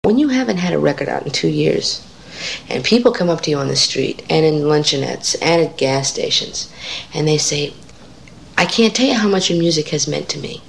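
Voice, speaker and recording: A musician speaking earnestly in an interview, pausing to find the words. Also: female voice, deep voice, animated, gravelly, a little hiss or hum. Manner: earnest, musing, searching for words. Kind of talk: interview answer.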